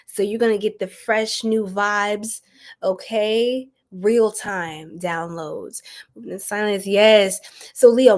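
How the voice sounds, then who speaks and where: A young woman hosting a live tarot reading, talking casually and playfully to her viewers and laughing often. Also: a little high. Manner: addresses viewers as y'all and girl. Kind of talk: casual live-stream chat.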